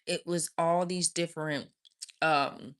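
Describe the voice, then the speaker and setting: A woman with a low, voice preaches to her live-stream audience. She speaks with emphatic conviction and calls her listeners "y'all". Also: fairly even intonation, takes it slowly.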